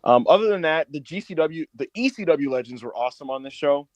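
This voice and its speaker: A man co-hosting a casual wrestling podcast, telling a long story with lots of swearing and high mock voices for the people in it. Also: fast, no room sound, lo-fi sound. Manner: animated storyteller, swears a lot, acts out others in high put-on voices. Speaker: podcast co-host.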